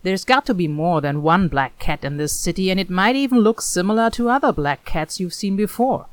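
A woman's voice: on the low side, a little fast, no echo, natural voice. A woman reading the lines of an exasperated adult male mage in a story reading, calling out urgently. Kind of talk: read-aloud dialogue.

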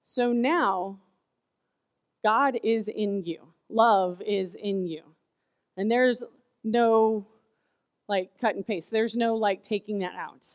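A youth speaker in her thirties gives kids a casual, chatty sermon, telling animated stories packed with "like" fillers. Her mid-range voice is slow with frequent pauses, recorded in studio quality with no room sound.

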